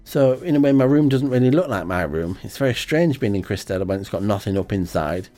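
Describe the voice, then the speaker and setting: Soft music plays beneath a man's brisk, rambling comedy monologue on his amateur radio show. He speaks in a fairly low voice, deadpan and halting, with plenty of ums.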